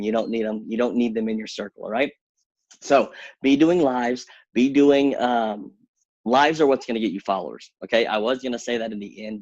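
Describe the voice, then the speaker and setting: A man with a slightly husky, mid-pitched voice delivers an upbeat coaching workshop, pushing his listeners on and now and then squeaking up high to act out his own doubts. The sound is dry and a little dull, like lo-fi online call audio. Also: no room sound. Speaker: workshop speaker. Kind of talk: motivational social media coaching talk.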